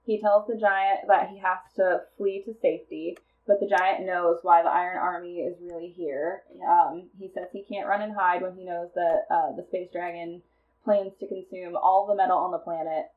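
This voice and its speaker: A woman co-hosting a comedy podcast, casually pitching a movie plot with lots of fillers and frequent laughter. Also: steady tone, normal speed, phone-quality sound. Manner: rambling storyteller, laughs often, many fillers.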